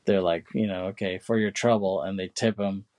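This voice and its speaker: Low-voiced man casually retelling a film. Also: fairly even intonation, moderate pace, darkish tone. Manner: rambling retelling, many fillers and put-on quotes. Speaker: podcast co-host. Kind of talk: casual chat.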